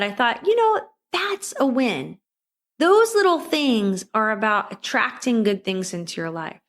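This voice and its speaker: Upbeat encouraging woman podcast host. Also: medium pitch. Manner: upbeat and encouraging, rising emphasis; repetitive exhortations. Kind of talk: motivational solo podcast.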